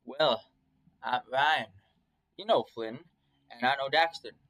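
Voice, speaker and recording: A man's voice: mid-range voice, slow pace, fairly bright tone, rough recording. A man voicing a cocky, cheery male German shepherd in his thirties with a put-on Southern drawl, talking brash and crude.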